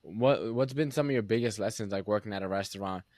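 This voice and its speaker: A young man hosts a casual interview podcast, speaking loosely into a close mic with plenty of fillers and lots of "like." His lowish, darkish voice moves quickly, with no room sound.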